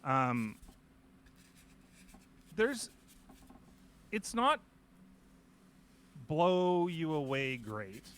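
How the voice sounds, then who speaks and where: A man's voice: on the high side, big pitch swings, drawn-out words, pauses often, fairly bright tone, clean tone. A man hosting a casual art podcast, telling rambling stories with many restarts. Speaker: host.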